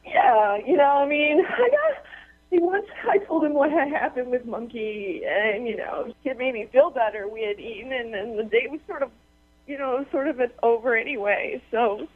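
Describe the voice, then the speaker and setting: A woman's voice: fairly high pitch, moderate pace, dry recording. Tearful woman caller on a phone line. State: tearful, on the verge of crying. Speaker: radio caller. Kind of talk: emotional phone call to a radio show.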